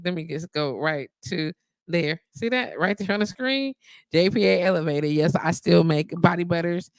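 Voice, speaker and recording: Chatty woman live-stream host, gravelly voice, dry close sound, laughs a lot with viewers. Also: on the low side, no echo. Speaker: host of a live online radio show. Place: her wellness practice.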